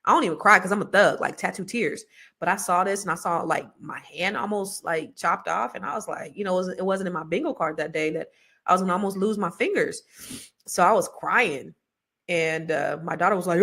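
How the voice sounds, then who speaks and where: A middle-aged woman talks straight to her livestream viewers in a casual, rambling way, drifting into slangy, self-mocking asides. Her voice sits a little low for a woman. She keeps circling back to a money-course pitch with easy, loose confidence. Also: fairly quick, sharp tone. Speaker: host selling a money course.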